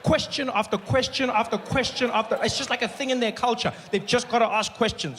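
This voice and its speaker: A man with a South African accent doing animated, laughing stand-up storytelling. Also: very high voice, fairly quick, few pauses, long reverb tail, a faint crowd. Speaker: comedian. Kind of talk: stand-up comedy. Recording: noisy live stage recording.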